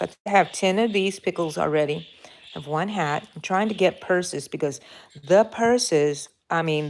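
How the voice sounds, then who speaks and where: A woman's voice: fairly low pitch, creaky. An older woman hosting a home craft livestream, chatting in a rambling, casual way and answering her viewers. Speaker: crochet livestream host. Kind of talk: casual chat while crocheting.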